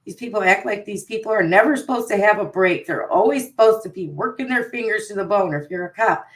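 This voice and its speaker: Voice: medium pitch, fast. A co-host in casual commentary chat, talking in a wry, exasperated, sarcastic way.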